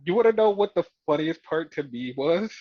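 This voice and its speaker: A man with a fairly high voice chats through a wrestling recap, swearing freely and acting out what the wrestlers said. The sound is dry and dull, like a lo-fi home recording. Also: brisk, no room sound. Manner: profane, animated retelling with mimicked quotes. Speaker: podcast host. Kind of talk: casual wrestling recap chat.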